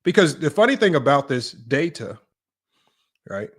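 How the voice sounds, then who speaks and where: A man's voice: fairly high pitch, big pitch swings, a little slow, fairly bright tone, breathy edge. A man hosting a livestreamed sports debate, emphatic and repetitive, often tagging his points with a question. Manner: emphatic, repetitive, keeps asking "right?". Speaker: sports debate show host.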